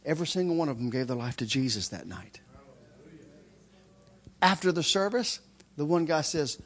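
A man preaching a sermon as a story, swinging from loud, excited shouts to hushed, intense lines. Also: a little high, normal speed, pauses often.

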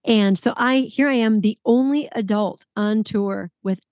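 A woman hosting a podcast, telling stories in an animated, exclaiming way. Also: medium pitch, measured pace, dry recording. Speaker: podcast host, former group leader. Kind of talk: casual podcast conversation.

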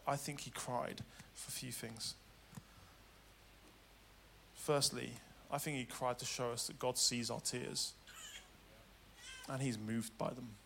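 Bright, dramatic male preacher. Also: medium pitch, vocal fry, a little hiss or hum. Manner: dramatic, swings from loud urgency to hushed tenderness. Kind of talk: sermon.

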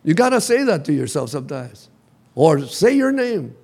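A male pastor preaching a sermon in a church, calling the congregation to repeat after him and building to shouts. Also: a little high, very animated, moderate pace, vocal fry, husky. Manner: call-and-response preaching, rising to shouts. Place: church sanctuary.

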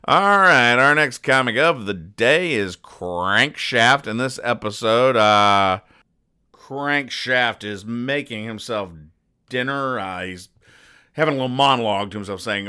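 A man's voice: medium pitch, animated, unhurried, bright, forceful tone, clean tone, dry recording. A man hosting a comedy podcast, recapping newspaper comics in a dry, rambling way and correcting himself as he goes. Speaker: podcast host reading comics.

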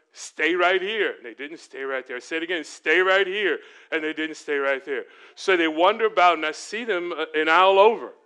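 A middle-aged man preaching at a church retreat, with a bright, forceful voice and crisp, resonant diction. His pitch sits a little high for a man. He puts questions to the room and answers them himself, and acts out the voices he quotes. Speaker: guest speaker. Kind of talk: sermon.

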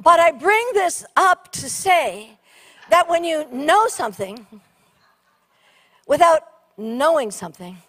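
A middle-aged woman preacher telling an animated, funny story in a sermon. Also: high voice, slow, long pauses. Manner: animated, shrieking during funny story parts.

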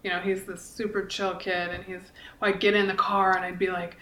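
This woman in her forties, an author who co-hosts a podcast, talks fast and nearly without pauses in a flat, fairly bright mid-range voice. She's chatty and earnest, with many likes and restarts. The recording has an echoey room sound.

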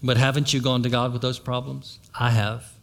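A man's voice: mid-range voice, flat delivery, normal speed, vocal fry. A man preaching a sermon, retelling a story and turning to the congregation with asides. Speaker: pastor.

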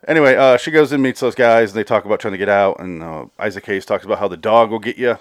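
Recorded dry in studio quality, a man with a fairly low voice chats through a TV episode recap for his podcast, wandering off topic, swearing openly, laughing along, and tossing out rapid character quotes.

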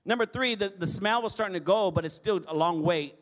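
A male pastor preaching a lively sermon, often asking the congregation for an amen. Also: high-pitched, a little fast. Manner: lively preaching with call-and-response amens.

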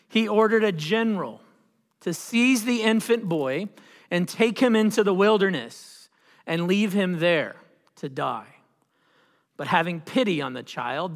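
Male pastor preaching, storytelling with big pauses, kinda high voice, echo from the church hall. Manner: storytelling with dramatic pauses and swells. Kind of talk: sermon. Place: church sanctuary. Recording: long reverb of a church hall.

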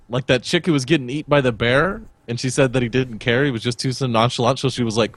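A man with a middle-pitched voice, chatting casually as a podcast co-host. He tells stories with energy, swears freely and acts out what people said. The sound is dry and close, with no room around it. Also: fairly quick, no echo. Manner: animated storyteller, swears freely, acts out quotes. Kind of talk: casual chat.

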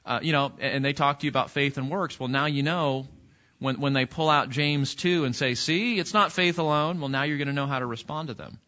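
A man's voice: mid-range voice, steady tone, a little fast, bright, forceful tone, lo-fi sound. A man teaching an interactive Bible study lesson in a church classroom, putting questions to the class and often restarting his sentences. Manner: conversational, asks the class questions, frequent restarts.

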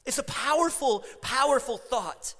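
A man's voice: very high voice, expressive, measured pace, pushed and bright. A man preaching a sermon as pastor, telling stories in a conversational way with asides and self-corrections. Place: church sanctuary. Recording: long hall reverb.

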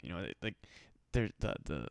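A man's voice: deep voice, big pitch swings, moderate pace, creaky, clear, resonant tone, dry recording. A man hosting a solo podcast, rambling and swearing with mock-desperate pleading. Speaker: podcast host. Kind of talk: casual solo podcast rant.

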